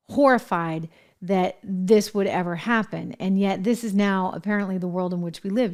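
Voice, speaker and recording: A woman's voice: medium pitch, darkish tone. Chatty woman hosting a commentary show. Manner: chatty, breezy, full of fillers and asides. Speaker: show host. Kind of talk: casual news commentary.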